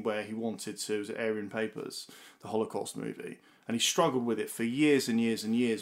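A man co-hosting a casual film podcast, who swears freely and tells stories in an animated way. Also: fairly low pitch. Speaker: podcast co-host.

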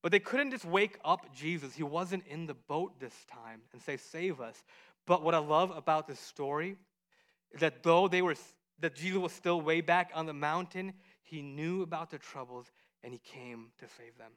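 Male kids' teacher with a bright, slightly high voice; animated, asks questions, acts out the voices. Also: moderate pace. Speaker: children's Bible teacher. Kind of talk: animated Bible story lesson.

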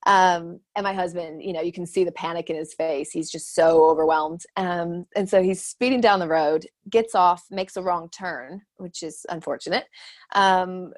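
A woman in her thirties telling a story in casual chat, animated and laughing often, acting out the voices she quotes. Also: on the low side. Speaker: guest sharing her birth stories.

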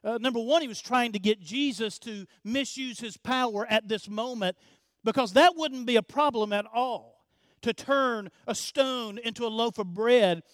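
A man preaching a sermon earnestly, repeating his phrases, asking rhetorical questions and dropping to a hush at the ends of lines. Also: very high-pitched, moderate pace, no room sound, studio quality. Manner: drops to a hush at the end of phrases. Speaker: pastor.

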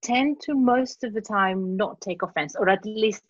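A British woman in casual chat, talking in a thoughtful, questioning, animated way. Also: mid-range voice, unhurried, no echo. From Britain. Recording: slightly dull dry recording.

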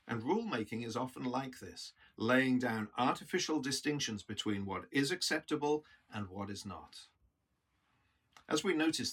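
A man delivers a reflective sermon at a middling pitch. His voice is husky. He teaches in an earnest, thoughtful manner. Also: animated, moderate pace, a bit bright. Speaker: preacher.

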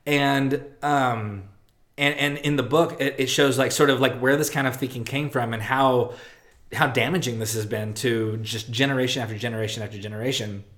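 A man giving a sermon at a middling pitch. He hesitates often and circles back over his words, then lets each phrase sink low and quiet at its end. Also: fairly even intonation. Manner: halting, many fillers and restarts, soft drop at phrase ends. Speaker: pastor. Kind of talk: sermon with a read passage.

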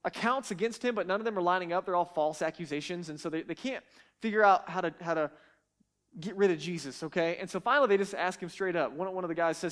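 A high, light-voiced man gives earnest, emphatic Bible teaching, often tripping over repeated words while pressing forward. He talks a little fast.

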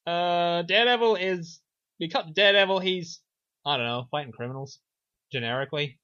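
A man with a high, brisk, sharp voice co-hosts a podcast, giving an offhand, sarcastic, profanity-laced recap of a film. It's casual chat about the movie, and the recording sounds dull and lo-fi.

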